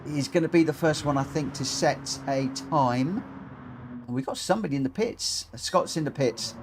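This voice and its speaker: A man hosting and commentating online racing in a chatty, excitable, jokey way over a live stream. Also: fairly high pitch, moderate pace. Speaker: race commentator and lobby host. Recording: game audio noise behind.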